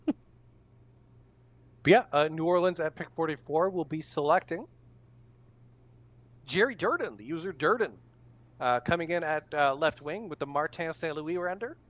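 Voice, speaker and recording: Announcing selections on a casual online hockey draft stream, the man keeps things easygoing and full of fillers. He sounds animated and fairly bright, his voice slightly high and his pace moderate.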